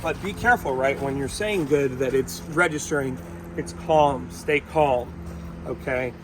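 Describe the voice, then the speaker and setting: A man working as a dog trainer in an instructional demo, switching between bright, high praise for the dog and calm explanation. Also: measured pace. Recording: outdoor mic with clear background noise.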